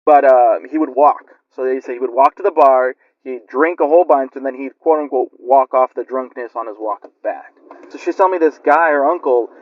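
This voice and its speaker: A man telling a spooky story in a rambling, chatty way with lots of fillers. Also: medium pitch. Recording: lo-fi muffled recording.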